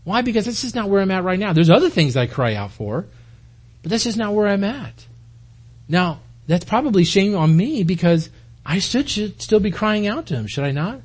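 A man's voice: high voice, very animated, normal speed, slightly rough. A man in his forties preaching a conversational sermon to a congregation in a church hall, folksy and full of rhetorical questions. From United States. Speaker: pastor.

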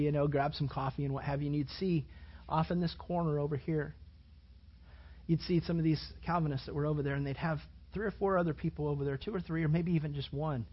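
A man preaching a sermon as a pastor, telling stories in an animated way, repeating phrases and acting out what people said. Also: a little high, lo-fi sound. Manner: animated storytelling, repeats phrases and acts out quotes.

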